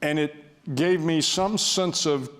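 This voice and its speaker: A man's voice: fairly high pitch, takes it slowly. An older man speaking as a guest before an audience, telling a story in a wry, self-deprecating way with frequent restarts.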